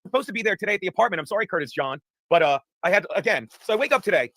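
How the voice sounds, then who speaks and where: A man's voice: high-pitched, lively intonation, very fast, fairly bright tone, no room sound. A man hosting a casual talk show, rambling, profane and laughing through his stories. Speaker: podcast host. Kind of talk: casual chat.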